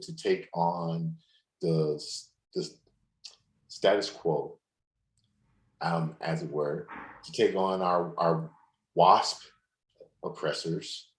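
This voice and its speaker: A man hosting an interview and talking in a measured, earnest, slightly formal way. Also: sits low, roomy sound, low-quality recording. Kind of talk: casual interview chat.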